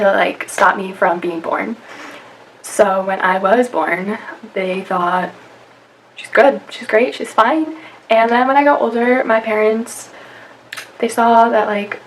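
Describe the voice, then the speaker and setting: Young woman, casual vlog chat, filler-heavy, mid pitch, faint background hiss. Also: low-quality recording. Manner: chatty, many fillers and "like". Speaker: vlogger. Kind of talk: casual talk to camera.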